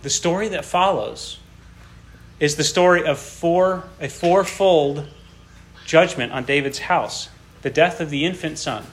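A man's voice: fairly high pitch, measured pace. A man preaching a sermon who reads scripture aloud with rising dramatic emphasis and explains between readings in a plain teaching tone.

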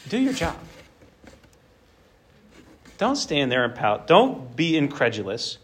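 A man's voice: on the high side, wildly swooping pitch, slow, heavily acted. A man voicing God, who answers curtly and bluntly. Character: blunt, matter-of-fact God speaking.

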